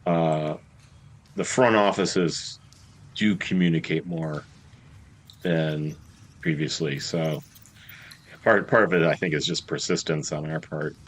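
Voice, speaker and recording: A man co-hosting a casual sports podcast, speaking haltingly with hesitant fillers. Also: extremely low pitch. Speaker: podcast co-host.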